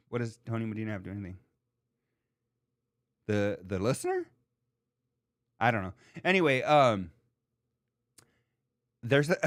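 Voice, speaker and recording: A man's voice: mid-range voice, no echo, studio quality. Rambling, filler-heavy male podcast host. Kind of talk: casual chat reading live chat.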